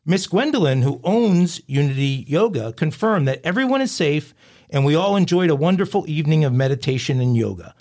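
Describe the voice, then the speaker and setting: A man's voice: on the high side, expressive, brisk, a little mellow. A man co-hosting a crime podcast, reading a comic news story aloud in a mock-dramatic storytelling manner. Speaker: podcast co-host.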